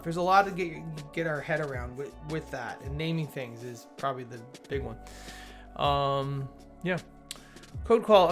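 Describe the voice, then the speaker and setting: Reviewing software updates on a casual livestream, this man reads changelog items aloud, greets chat viewers and rambles, frequently correcting himself. His voice is fairly high in pitch with a fairly bright tone.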